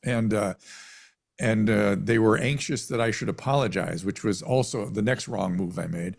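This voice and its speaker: A man around seventy, a physician, telling his story in an interview, halting with many restarts and self-corrections. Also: fairly low pitch, vocal fry. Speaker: physician guest.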